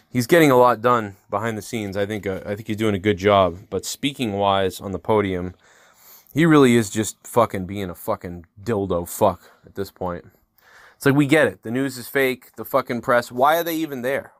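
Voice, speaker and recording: A podcast host in his thirties, with a lowish voice and no room sound, launches into an angry solo rant. He swears constantly and works himself up into loud outbursts.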